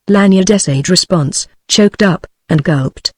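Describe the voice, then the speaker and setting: A text-to-speech woman's voice with a British English accent reading a novel aloud in an even, synthetic way, sometimes voicing the punctuation. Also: on the low side, fairly quick, dry recording. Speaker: audiobook narrator.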